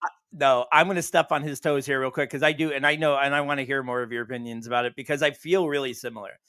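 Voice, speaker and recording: A man's voice: mid-range voice, fairly even intonation, quick pace, pushed and bright, clean tone, dry recording, studio quality. A man co-hosting a podcast, chatting casually with laughs and restarts. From Buffalo, New York area. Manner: rambling, laughing, self-interrupting. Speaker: podcast co-host. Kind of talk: casual chat.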